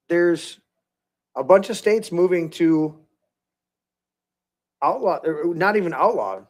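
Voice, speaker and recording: A man hosting a political talk podcast, rambling in a loose, swearing, casual way. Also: fairly high pitch. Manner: rambling, swears freely, restarts often. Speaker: podcast host.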